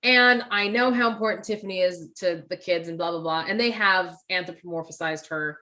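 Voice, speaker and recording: A woman co-hosting a casual movie talk show, animated and acting out quoted lines as she retells scenes. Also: fairly low pitch, normal speed. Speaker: podcast co-host.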